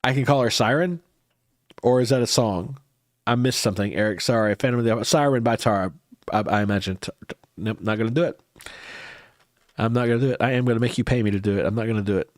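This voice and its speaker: A man's voice: medium pitch, fast talker, no room sound, clean studio sound. A man with a head cold, tired and congested, hosting a music reaction livestream and answering viewer comments in casual chat.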